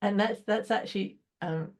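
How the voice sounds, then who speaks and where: A woman's voice: mid-range voice, moderate pace. A woman co-hosting a podcast, speaking in a reflective, encouraging way. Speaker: podcast co-host. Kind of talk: casual chat.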